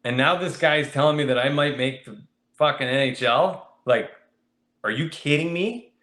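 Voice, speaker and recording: A young man telling a story as a podcast guest, animated and jumping into high voices when he acts out his friends. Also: normal speed. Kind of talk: casual storytelling. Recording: echoey room.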